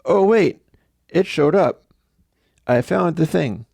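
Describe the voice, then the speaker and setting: A man's voice: on the high side, a little slow, darkish tone, no room sound, clean studio sound, voice pushed up. A man imitating a flustered, evasive male online seller with fussy, exaggerated dismay.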